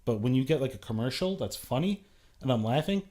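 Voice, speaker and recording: A young man on a talk show, speaking in a loose, chatty way full of fillers and restarts. His voice sits at a middle pitch for a man. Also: animated, a little fast, mellow. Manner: chatty, many "like" fillers and restarts, laughs easily. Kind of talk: casual talk show chat.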